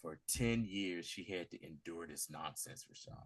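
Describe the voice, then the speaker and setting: A man co-hosting a podcast, retelling a TV episode in a casual, animated way and acting out the characters' lines. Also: low voice, moderate pace. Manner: animated storytelling, acting out scenes in voices. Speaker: podcast co-host. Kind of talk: casual TV recap chat.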